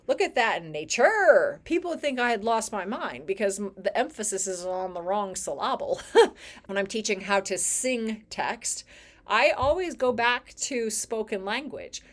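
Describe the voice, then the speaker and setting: A woman teaching choir technique in an educational video, speaking clearly and with emphasis, sometimes singing short examples. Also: medium pitch.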